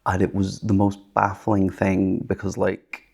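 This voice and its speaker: A man's voice: sits low, monotone, a little slow, gravelly, a little mellow, husky. A Scottish man in his twenties, a comedian, telling rambling anecdotes full of fillers in casual chat. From Scottish Borders. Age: 20s. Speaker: comedian guest.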